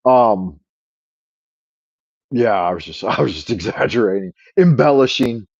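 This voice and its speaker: A man's voice: mid-range voice, expressive, unhurried, gravelly, a little mellow, husky, dry recording. A man hosting a livestream, telling an exaggerated, profane story in a rambling way over a wireless earbud mic. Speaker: livestream host. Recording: dull dry earbud mic sound.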